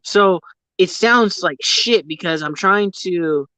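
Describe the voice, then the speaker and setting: A man's voice: high-pitched, takes it slowly, sharp tone, dry recording, rough recording. An American man hosting a casual chat, rambling and full of filler words. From United States. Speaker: host.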